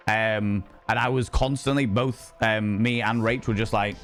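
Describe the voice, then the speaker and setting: A man's voice: lowish voice, steady tone, unhurried, faint music behind. A young man streaming, casually telling a rowdy night-out story, swearing freely and acting out quoted voices.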